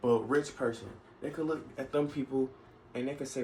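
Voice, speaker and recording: A man's voice: medium pitch, fairly even intonation, normal speed, warm tone, low-quality recording. Rambling man venting in a vlog. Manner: rambling, many restarts and asides. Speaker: vlogger. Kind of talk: casual opinion monologue. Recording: faint background noise.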